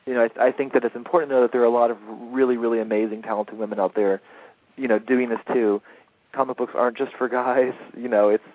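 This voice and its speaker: A man's voice: mid-range voice, dry recording. A man being interviewed as a comics editor, talking casually and eagerly, rambling a little and laughing easily. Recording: tinny phone-line audio.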